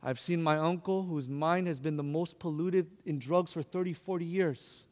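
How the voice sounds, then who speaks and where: A man's voice: a little high, normal speed, a little mellow, big-room sound. A male preacher telling a personal story in an emotional sermon, addressing the congregation.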